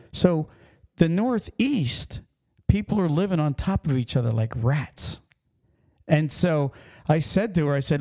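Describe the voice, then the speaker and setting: Gravelly, animated trucker host. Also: male voice, a little high. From Pennsylvania. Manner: animated storytelling, acts out accents. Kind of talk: casual podcast chat.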